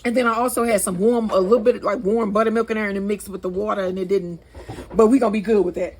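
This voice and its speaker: A woman with a St. Louis accent hosts a casual cooking video from her home kitchen, speaking quickly in a medium-pitched, steady voice. She addresses viewers as y'all and laughs at herself, and the home recording is noisy.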